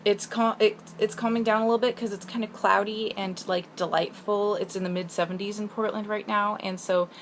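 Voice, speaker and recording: A woman's voice: medium pitch, fairly even intonation, a little hiss or hum. Chatty young woman rambling on camera. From Pacific Northwest. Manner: chatty, rambling, self-deprecating, quick asides. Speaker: vlogger. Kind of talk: casual rambling video letter.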